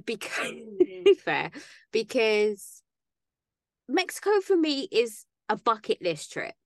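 A woman's voice: fairly high pitch, very animated, slow, no room sound, studio quality. A woman co-hosting a podcast in casual chat, sarcastic and chatty, tripping over words now and then. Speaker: podcast co-host.

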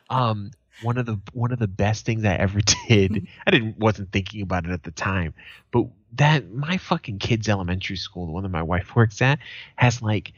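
A man's voice: lowish voice, moderate pace, dry recording. A man, co-hosting a podcast and telling profane stories in a casual chat. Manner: profane storytelling, animated quoted voices. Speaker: podcast co-host.

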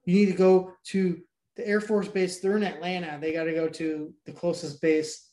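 A man with a fairly high voice tells a movie's plot in loose, rambling chat, full of swearing. He keeps losing his place and jumping back to earlier scenes. The room around him sounds roomy and echoey. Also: little pitch movement, moderate pace, warm tone. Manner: rambling, profane, jumps back and forth. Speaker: podcast co-host recapping a movie. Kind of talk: casual chat.

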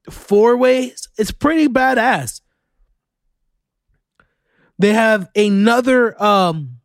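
A man from Orlando hosting a solo podcast, ranting excitably and swearing often in casual commentary. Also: high-pitched, no room sound. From Orlando, Florida, USA. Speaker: podcast host.

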